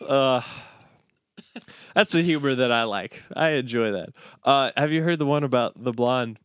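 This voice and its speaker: A man hosting a podcast, telling jokes in an animated, chuckling way and often repeating himself. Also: mid-range voice, moderate pace, smooth, no echo, clean studio sound. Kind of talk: casual joke-telling chat.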